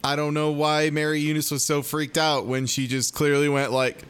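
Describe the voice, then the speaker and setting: A man's voice: a little high, moderate pace, hardly any pauses, smooth. A man co-hosting a casual podcast chat, joking and mock-quoting characters as he recaps an episode. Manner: animated, mock-quotes characters with comic asides. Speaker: podcast co-host.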